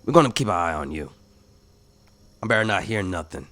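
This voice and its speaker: A man's voice: deep voice, expressive, fairly quick, fairly bright tone. Man voicing a foul-mouthed menacing goblin thug. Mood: warning. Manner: profane, threatening, swaggering. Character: crude menacing male goblin warg rider.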